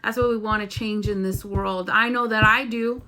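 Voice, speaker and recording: A woman's voice: mid-range voice, steady tone, normal speed, bright, forceful tone. A woman talking earnestly and emotionally to her viewers in a casual spiritual vlog, rambling and swearing now and then. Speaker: spiritual vlogger. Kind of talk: heartfelt casual monologue.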